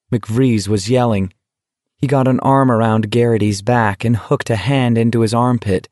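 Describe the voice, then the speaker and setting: A man reading an audiobook in steady, measured scripted narration. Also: medium pitch, no room sound, studio quality.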